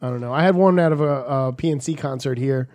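A man's voice: medium pitch, fast talker, a little mellow. A young man from New Jersey telling a story in a casual podcast chat, swearing freely and telling it with lots of animation.

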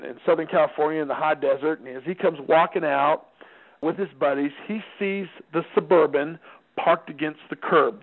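A man's voice: fairly high pitch, vocal fry. A middle-aged man giving a folksy parenting talk, acting out bits of dialogue as he tells his stories. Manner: acts out dialogue with changing voices. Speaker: parenting speaker. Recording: tinny phone-like radio recording.

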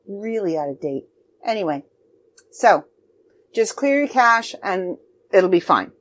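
A woman's voice: on the low side, expressive, measured pace. A woman hosting a podcast, chatting casually and rambling a little as she signs off, her throat getting dry. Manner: rambling, self-deprecating, chatty. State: throat drying out. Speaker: podcast host.

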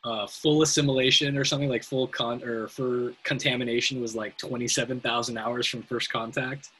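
A man's voice: mid-range voice, a little fast, breathy edge, poor audio. A man hosting a casual film podcast, asking questions and agreeing with his guest. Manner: relaxed, affirming, asks guest questions, swears casually.

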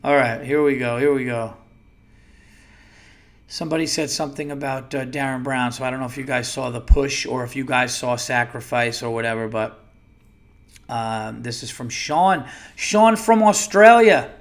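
A man's voice: medium pitch, steady tone, normal speed, a bit bright. Rambling, crude male podcast host. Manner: reads listener emails aloud. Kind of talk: casual solo podcast.

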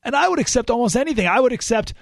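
A man hosting a political talk radio show, animated and exclamatory, thinking aloud with frequent restarts. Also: very high-pitched, rapid-fire, vocal fry, dry recording, clean studio sound. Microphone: studio microphone.

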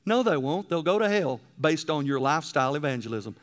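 Higher-voiced man preaching a sermon. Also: lively intonation, a little fast. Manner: storytelling, swinging from loud emphatic to hushed.

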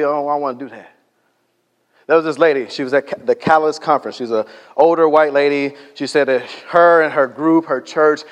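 A man delivers a sermon in a storytelling way, leaning hard on key lines and then falling almost to a whisper. His voice sits a little high for a man. The sound rings with the long reverb of a large hall. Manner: storytelling, emphatic, drops to near-whispers for effect. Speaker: preacher.

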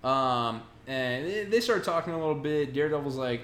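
A man casually recapping a comic book with friends, acting out characters in quick bursts. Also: medium pitch. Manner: animated retelling, acts out characters in quick bursts. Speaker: podcast co-host recapping a comic. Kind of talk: casual chat. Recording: roomy sound with faint noise.

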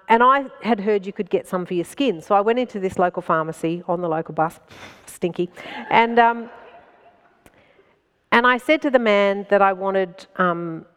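A middle-aged woman entertains a festival audience with self-deprecating funny stories, frequently laughing mid-line. Her voice is mid-range and clean, and the stage recording carries a long reverb tail.

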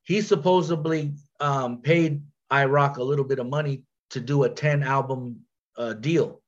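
A man with a nasal voice, a rapper guest telling a story in casual chat, slangy and quick to repeat and restart his words. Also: medium pitch, muffled recording.

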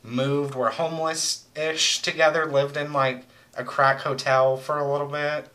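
Young male co-host, loose and crude storyteller, bright edge to the voice. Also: a little high, flat delivery, measured pace, poor audio. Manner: rambling, crude, joking storyteller. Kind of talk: casual chat.

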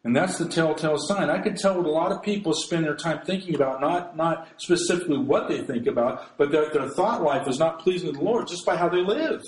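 A man's voice: fairly high pitch, fairly quick, hardly any pauses. Earnest male pastor, echoey room. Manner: earnest, emphatic, with frequent restarts. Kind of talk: sermon.

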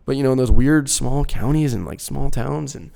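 Young man, host, casual profane rant, gravelly fry, dark mellow tone, acts out quick voices. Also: medium pitch. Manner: profane, animated, mimics voices mid-rant. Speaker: podcast host. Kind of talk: casual ranting commentary.

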